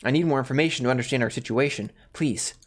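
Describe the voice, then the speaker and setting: A man voicing a calm, reasoning young man in a game playthrough. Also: medium pitch, fast talker, natural voice.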